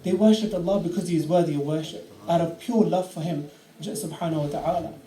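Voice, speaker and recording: A man's voice: on the high side, quick pace. A man giving an impassioned religious lecture, telling stories and crying out quoted prayers. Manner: impassioned, storytelling, rising to loud cries in quotes. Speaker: speaker. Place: Islamic centre hall. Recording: echoey hall from far off with faint ambience.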